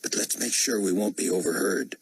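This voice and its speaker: A man voicing a calm, guarded American operative, speaking in measured tones. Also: low-pitched, slight background noise.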